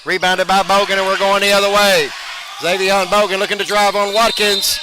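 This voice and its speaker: This is a man's quick-fire call of a high school basketball game, racing through the passing and rising with each made basket. The gym is noisy in the background.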